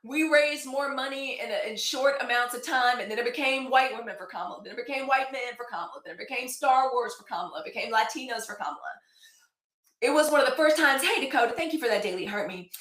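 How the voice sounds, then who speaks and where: With a high-pitched, fairly bright voice and a quick pace, a woman in her forties runs a daily live news show as a casual livestream chat. She strays from the topic while thanking viewers by name, and the recording has an echoey room sound.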